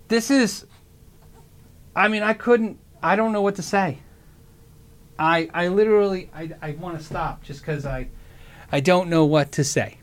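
A man hosting his own show in a casual livestream chat, excitable and stammering, often restarting his sentences. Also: fairly high pitch. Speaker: show host.

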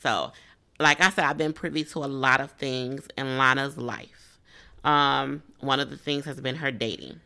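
A woman hosting a podcast, asking questions in a relaxed, chatty way. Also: extremely low pitch, measured pace, vocal fry. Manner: relaxed, chatty, laughs easily. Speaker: podcast host, interviewer. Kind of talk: casual interview.

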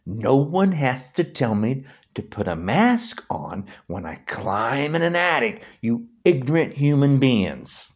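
Furious older man ranting, slow and lively. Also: medium pitch. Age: 60s. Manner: furious, insulting, repetitive. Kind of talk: angry political rant. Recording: dull lo-fi recording.

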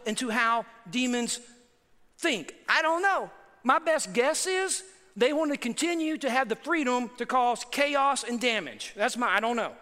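Male pastor, sermon delivery, high and forceful, emphatic with rhetorical asides, long hall reverb.

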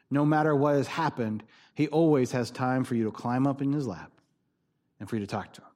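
A man's voice: medium pitch, a little mellow. A man preaching a sermon as pastor, conversational and jokey with emphatic stresses.

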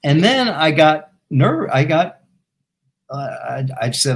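A man's voice: medium pitch, normal speed. A middle-aged man, a former football team executive, telling a story as a guest and acting out the dialogue. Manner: animated anecdote teller who acts out the dialogue. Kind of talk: storytelling in a talk show interview.

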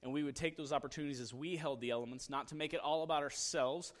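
A middle-aged male pastor giving a conversational sermon, telling stories and moving between hushed asides and raised emphasis. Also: fairly high pitch, fairly even intonation, fast.

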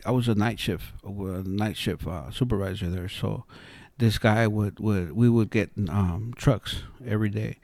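A man's voice: on the low side, vocal fry, warm tone, dry recording, studio quality. A man telling a story in a casual, rambling way, earnestly repeating words and restarting his sentences. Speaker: interviewee sharing life philosophy.

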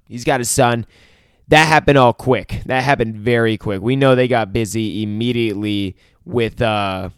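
A man's voice: fairly low pitch, clean tone, dry recording, clean studio sound. A man casually recapping a TV episode, swearing constantly, rambling and acting out the characters' lines as he retells them. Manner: profane, rambling, animated retelling with quoted dialogue. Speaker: show recapper.

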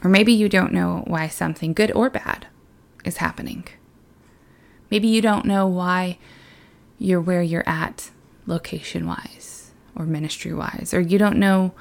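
A woman's voice: on the low side, fairly even intonation, measured pace, gravelly. A young woman who works in children's ministry, giving an earnest, conversational devotional talk.

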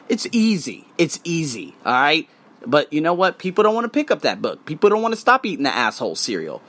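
Solo male podcast host, lively swooping delivery, blunt and profane, hype bursts then low asides. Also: a little fast. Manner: blunt, profane, emphatic ranting; hype, swinging between loud and low asides.

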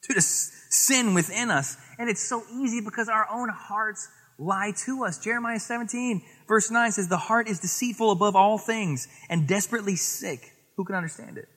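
A man preaching a sermon as pastor, lively and animated, quoting scripture and acting out little voices in his stories. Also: high voice, moderate pace, few pauses, big-room sound. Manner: animated, acts out voices in anecdotes, quotes scripture.

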